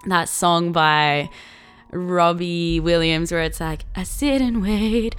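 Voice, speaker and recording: A woman's voice: fairly low pitch, takes it slowly, clean tone, soft background music. A young Australian woman in her twenties telling a story in a casual vlog, chatty and profane, full of likes and laughing asides. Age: 20s.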